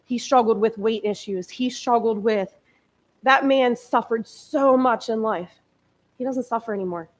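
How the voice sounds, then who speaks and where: A woman in her early forties speaks from the front of a church, telling her own story of lost and found hope. Her voice sits a little high, and she talks in a candid, conversational way that turns emotional as she goes. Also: a little slow. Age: 40s. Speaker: guest speaker. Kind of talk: personal testimony sermon. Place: church sanctuary.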